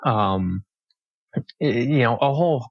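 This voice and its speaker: A man's voice: medium pitch, lively intonation, takes it slowly, no room sound, muffled recording. A young man, a guest author in a podcast interview, speaking hesitantly with many restarts. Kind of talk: casual interview chat.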